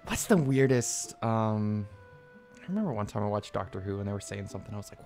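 A man's voice: on the low side, animated, brisk, a little mellow. A man streaming a game, chatting casually with viewers and swearing now and then. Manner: chatty, swearing, talking to chat. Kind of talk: casual let's-play commentary. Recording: game music faintly behind.

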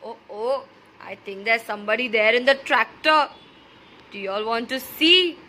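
A woman's voice: a little high, normal speed, bright, forceful tone, a little hiss or hum, rough recording. A woman reading a farm picture book aloud to young children, with a sing-song manner, coaxing questions and animal sounds.

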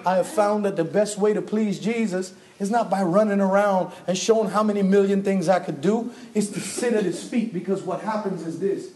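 A man preaching a sermon in a church, telling stories and acting out the dialogue with animated energy. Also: sits high, normal speed, hardly any pauses. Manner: animated storytelling, acts out dialogue with laughter. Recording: echoey hall, mic at a distance.

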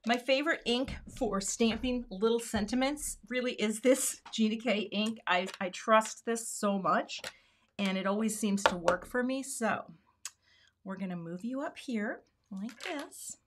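A woman's voice: a little high, a little slow, noisy background. Chatty woman demonstrating a craft. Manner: chatty, talks herself through each step. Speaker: card-making host. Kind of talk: casual live craft demo.

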